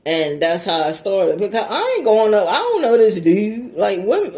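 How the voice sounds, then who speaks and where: A woman vlogger recounting a personal story in a loose, conversational way. Her voice sits at a middle pitch. She is animated and candid, swearing freely and speaking directly to her audience. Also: normal speed, few pauses. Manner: animated, laughing, swearing, talks straight to viewers. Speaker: YouTuber. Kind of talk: casual story time.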